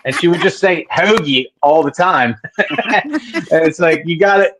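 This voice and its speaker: A man from a rock band talks with a Delaware County, Pennsylvania accent, his voice slightly high. He gets fired up, swears freely and calls everyone dude. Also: normal speed, a crowd in the background. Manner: profane, excitable, says dude. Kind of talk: casual chat.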